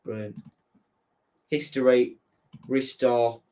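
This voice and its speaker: A man's voice: mid-range voice, steady tone, slow pace, darkish tone. A young man with a Hull accent hosting a casual football live stream, chatting and reading out viewer messages. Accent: Hull, Yorkshire. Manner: chatty, reads out chat messages, self-correcting. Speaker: football fan channel host.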